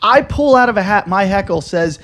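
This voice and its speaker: A man's voice: high voice, lively intonation, brisk, fairly bright tone, a little hiss or hum. A man with a slightly raised voice tells a story among friends. He rambles and restarts his sentences often, and he keeps laughing at his own tale. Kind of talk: casual chat, anecdote telling.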